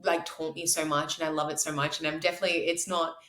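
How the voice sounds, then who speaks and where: Woman, thirties, rapid chatty storytelling, echoey room. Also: low voice, flat delivery, fairly bright tone. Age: 30s. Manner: fast, gushing, emotional storytelling. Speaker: podcast guest. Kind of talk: casual interview chat.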